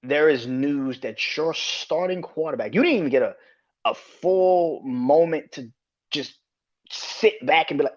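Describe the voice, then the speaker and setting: A man hosting a solo sports podcast, talking in an animated, profane, exasperated way. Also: a little high, a little slow, muffled recording. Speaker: podcast host. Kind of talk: solo sports commentary rant.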